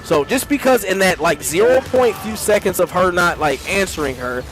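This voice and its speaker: Guy ranting a story over gameplay, highish voice that jumps around a lot, game music going behind him. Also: moderate pace, low-quality recording. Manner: animated storytelling with mimicked quotes. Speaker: gaming streamer. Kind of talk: storytelling while playing a game.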